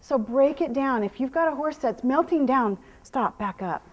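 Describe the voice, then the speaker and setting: A woman's voice: high voice, expressive, normal speed. Soothing woman training a horse. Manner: soothing, praising the horse with soft murmurs. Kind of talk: hands-on training demonstration.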